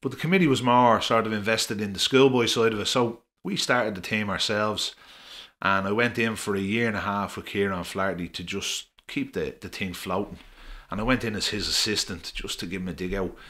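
A middle-aged Irish man rambles through anecdotes in a casual, chatty way, full of fillers. His voice sits low but comes across forceful and punchy. He is a podcast guest telling stories. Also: fairly quick. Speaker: podcast guest, former referee. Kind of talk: casual storytelling.

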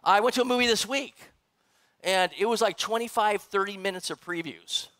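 A middle-aged man, a pastor, preaching in a church, animated and joking with the congregation. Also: high-pitched, normal speed, no room sound. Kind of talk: sermon. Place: church sanctuary.

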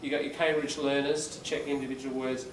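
A man's voice: mid-range voice, flat delivery, quick pace. A man teaching an English class, patiently explaining and demonstrating word stress by reading aloud. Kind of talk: classroom lesson. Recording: echoey room, far from the mic, background noise.

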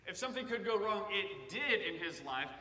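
High bright-voiced preacher in an echoey church. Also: male voice, sing-song, moderate pace, far from the mic. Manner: conversational preaching that swells loud on quoted cries. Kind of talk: sermon. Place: church sanctuary.

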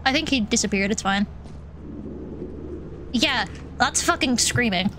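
A woman's voice: on the high side, expressive, unhurried, noisy background. A young woman streaming a video game, chatting casually with friends, swearing and laughing often. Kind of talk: casual gaming chat.

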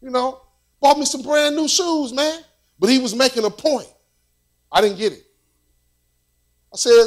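High-voiced man preaching conversationally. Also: normal speed, long pauses. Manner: conversational preaching with repetitions and storytelling. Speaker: pastor. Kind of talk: sermon.

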